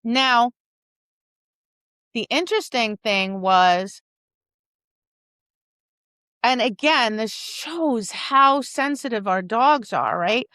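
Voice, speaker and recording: On a dog training podcast, a female co-host shares stories in a relaxed, lively style, briefly imitating the people and dogs she describes. She has a fairly high voice, and the recording is dry.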